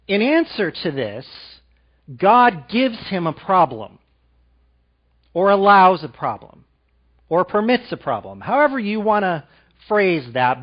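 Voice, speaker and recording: A man preaching a sermon to a live congregation, asking them questions and dropping to a soft, quiet voice for emphasis. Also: high-pitched, highs cut off. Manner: engaging, asks the audience questions.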